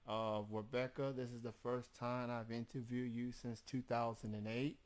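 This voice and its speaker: A man's voice: medium pitch, level tone, moderate pace. Hesitant Southern man hosting an interview. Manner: hesitant, many fillers and restarts. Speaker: interview host. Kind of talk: casual interview.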